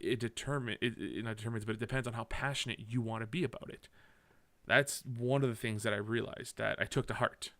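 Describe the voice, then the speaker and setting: A man's voice: medium pitch, fairly bright tone. Male podcast host from Canada, drinking on mic, rambling solo storyteller with self-corrections and casual swearing. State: drinking while talking.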